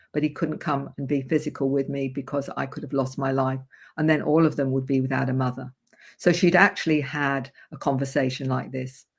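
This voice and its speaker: A woman therapist, a guest on a radio show, earnestly recounting a client's story in vivid detail. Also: rumbling low. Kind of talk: interview storytelling.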